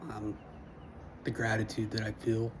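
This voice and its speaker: A man speaking haltingly through emotion, with many pauses and fillers, as he thanks his listeners. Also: lowish voice, monotone, noisy background. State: emotional, near tears. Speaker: vlogger sharing personal news. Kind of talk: emotional personal address.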